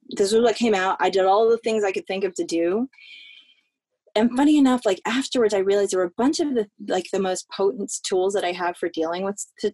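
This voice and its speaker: A woman from Florida talks through a casual interview in a middle-pitched voice, earnest and rambling. She trips into restarts as her thoughts run ahead. Her voice sounds dry and close, with no room around it. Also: darkish tone, dry recording. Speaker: actress guest.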